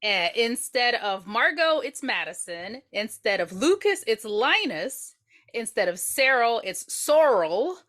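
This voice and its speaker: A woman's voice: fairly high pitch, very animated, measured pace, a bit bright. A woman co-hosting a podcast, recapping an episode in playful, sassy, teasing chat. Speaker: podcast co-host.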